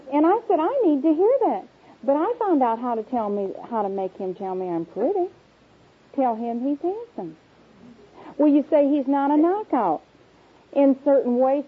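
A woman teaching a women's Bible class to a live audience, animated and humorous, acting out everyday household scenes. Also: a little high, husky. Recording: tinny, narrow-band old recording.

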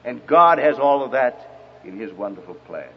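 Older guy preaching, husky, swoops up and down a lot, big echoey hall, lo-fi. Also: medium pitch, expressive, moderate pace. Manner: storytelling with quoted dialogue, emphatic. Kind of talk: sermon. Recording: dull lo-fi recording with long hall reverb.

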